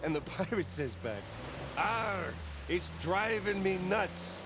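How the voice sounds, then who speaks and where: A man's voice: sits high, slow. An actor playing a wisecracking younger male adventurer in a game, bantering and telling jokes through game audio. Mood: joking. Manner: joking, lively banter. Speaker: game protagonist, treasure hunter. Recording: game audio under gameplay noise.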